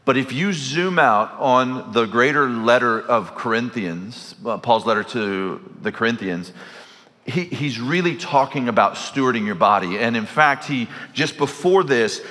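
Bright-voiced preacher in a reverberant church. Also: male voice, medium pitch. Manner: animated storytelling with frequent self-corrections. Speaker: pastor. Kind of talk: sermon. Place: large church sanctuary. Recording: hall reverb from church sanctuary.

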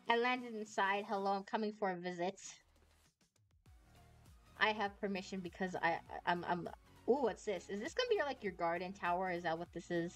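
A woman's voice: medium pitch, moderate pace, soft background music. A woman VTuber chatting casually and rambling as she plays a game, squealing and swearing when startled. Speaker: VTuber streamer. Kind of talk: casual gameplay commentary.

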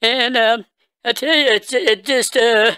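Brief: man playing a high, bright-voiced bumbling caller, lovesick and slow-witted, dry close sound. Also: steady tone, smooth, dry recording, full character voice. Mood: rambling. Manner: halting, stammering, full of fillers. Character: dim-witted, heartbroken, rambling male caller. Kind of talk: prank phone call comedy bit.

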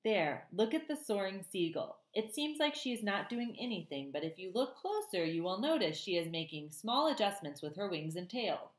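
A woman voicing a patient female robot mother with a measured, precise, robotic manner in a storybook reading. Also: mid-range voice, big pitch swings, echoey room, close to an everyday voice.

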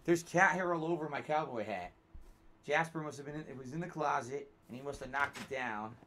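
A man hosting his own livestream in casual chat, animated and talkative, jumping from loud outbursts to low grumbles. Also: a little fast, slight background noise. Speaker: livestream host.

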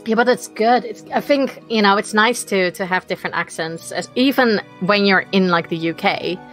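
A woman's voice: medium pitch, normal speed, a bit bright, soft background music. A woman who is not a native English speaker, hosting a podcast in a casual, chatty way and laughing often. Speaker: podcast host.

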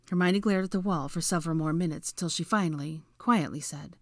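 A woman reading fan fiction aloud as audiobook narration, in a measured, even manner. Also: low-pitched, no echo, studio quality.

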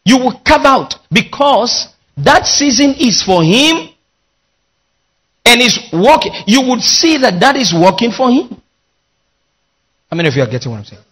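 A man's voice: extremely high pitch, sing-song, unhurried, pauses often, a bit bright, breathy edge. A man preaching a sermon as pastor, leading his congregation in call-and-response with emphatic delivery.

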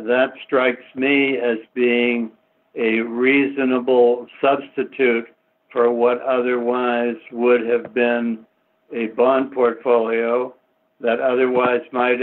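A man from the United States, an economist guest answering interview questions in a measured way, pausing often on fillers. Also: medium pitch. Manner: measured, with frequent filler pauses. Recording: tinny phone-like line.

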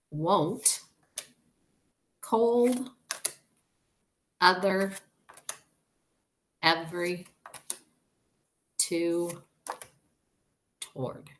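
A woman teacher walks young readers through sight words and punctuation, explaining each step patiently and deliberately. Her voice sits on the lower side, and she speaks very slowly and carefully. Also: slight background noise. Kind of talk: recorded reading lesson.

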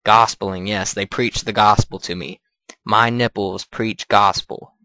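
A man's voice: fairly low pitch, fairly even intonation, a little slow, sharp tone, no echo. A man voicing a boastful, crude male pirate captain in silly mock pirate talk.

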